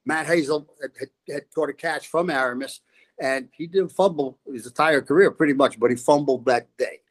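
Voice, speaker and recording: A man's voice: fairly high pitch, moderate pace. An older man, a football coach, telling stories as a podcast guest and laughing often. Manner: lively storyteller, laughs often. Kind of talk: casual podcast chat.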